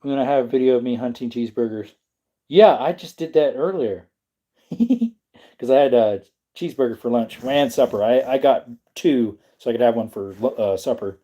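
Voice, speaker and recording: A man's voice: medium pitch, animated, normal speed, dark tone, muffled recording. A man hosting a casual livestream, rambling and answering his chat as he talks. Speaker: livestream host.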